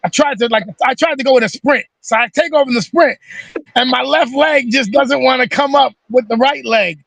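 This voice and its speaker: High-voiced guy in his 50s on a video call, dry close sound, telling a story all animated. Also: moderate pace, gravelly, no room sound. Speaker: host.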